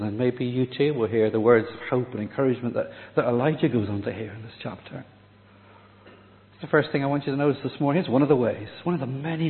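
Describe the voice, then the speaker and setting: A man preaching a sermon, dramatic, dropping to a hush on key words. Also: medium pitch. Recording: echoey hall, tinny phone-like sound.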